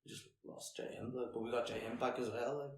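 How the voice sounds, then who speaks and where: A man's voice: medium pitch, steady tone, fast talker. A young Irish man co-hosting a casual podcast chat, teasing and joking with his friends. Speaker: podcast co-host, calisthenics coach. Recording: echoey room, mic at a distance.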